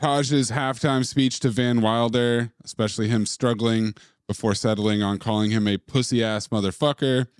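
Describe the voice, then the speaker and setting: A man's voice: medium pitch, fairly even intonation, moderate pace, clean tone, dry recording, studio quality. A man co-hosting a film podcast, wryly running through favorite scenes and his verdict. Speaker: podcast co-host. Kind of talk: casual film review chat.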